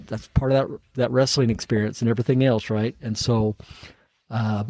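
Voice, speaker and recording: A man's voice: medium pitch, steady tone, moderate pace, a little mellow, no echo. A middle-aged man, a podcast guest, tells his own story in casual talk, acting out the voices of the people in it and chuckling at himself.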